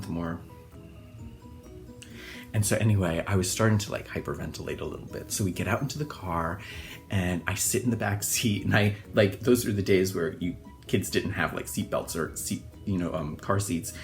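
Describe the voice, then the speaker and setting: A middle-aged man, a hairstylist, telling a personal childhood story in an animated, expressive way, acting out the scenes. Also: sits low, moderate pace, soft background music.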